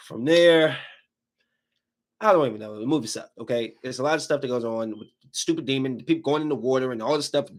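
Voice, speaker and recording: A man hosting a podcast who rambles and recaps a movie in a casual, emphatic way. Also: a little high. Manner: rambling, animated, emphatic storytelling. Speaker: podcast host. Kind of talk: casual chat.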